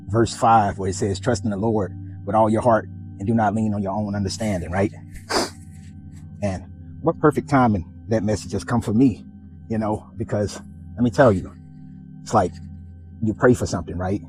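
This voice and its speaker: A man's voice: lowish voice, poor audio. A man hosting a casual spiritual reflection, telling a story and acting out the voices in it. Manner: animated storytelling, acts out dialogue. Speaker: podcast host.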